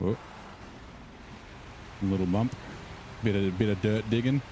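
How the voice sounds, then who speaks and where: A man's voice: fairly low pitch, unhurried, warm tone, slight background noise. A man casually chatting to his stream while playing a game at home, rambling and thinking aloud. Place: room at home.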